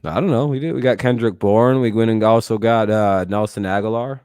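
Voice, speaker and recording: A man's voice: on the low side, steady tone, a little fast, darkish tone, clear, resonant tone, dry recording, clean studio sound. A man hosting a casual live sports talk stream. He talks back to his chat and swears freely. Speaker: streamer host.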